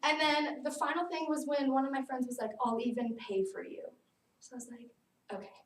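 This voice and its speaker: A young woman giving a personal narrative speech to a class, lively and casual, often saying "like". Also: high voice, fairly quick. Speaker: student speaker. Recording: echoey room, far mic, faint noise.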